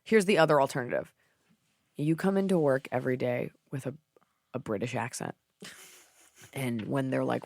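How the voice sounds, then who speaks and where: A woman hosting a casual advice podcast, her voice sitting low. She jokes in a sarcastic, deadpan way. The sound is dry and close. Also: moderate pace, dry recording. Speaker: podcast host. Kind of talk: casual comedic advice chat.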